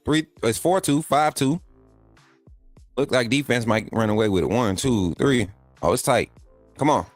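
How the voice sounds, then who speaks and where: A man's voice: mid-range voice, no echo. Chatty man hosting a live stream. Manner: loose, chatty and repetitive, hyping up the chat. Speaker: host of a live sports call-in stream. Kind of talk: casual live-stream chat.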